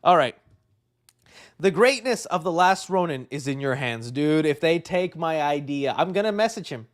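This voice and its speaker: A young man hosting a live movie news stream, chatting casually with an excitable, rambling manner and constant "dude" asides. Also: on the high side, moderate pace. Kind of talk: casual livestream chat.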